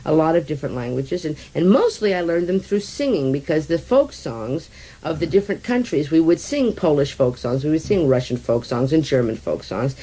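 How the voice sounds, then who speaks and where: A woman's voice: deep voice, expressive, moderate pace, warm tone, slightly rough, poor audio. An American woman chatting as a radio interview guest, telling stories with dry wit. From United States. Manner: witty, chatty storyteller. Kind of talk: casual radio interview chat.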